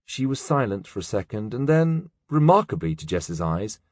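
A man narrating a novel as an audiobook, in an expressive, measured storytelling manner. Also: on the low side, no echo, studio quality. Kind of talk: scripted narration.

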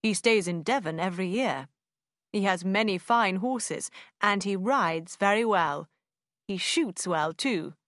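A jolly, hearty country gentleman from a storybook, as a woman reader voices him. He talks cheerfully and boisterously. The voice sits slightly back from the mic in a dry sound. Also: medium pitch, unhurried, dry recording, natural voice.

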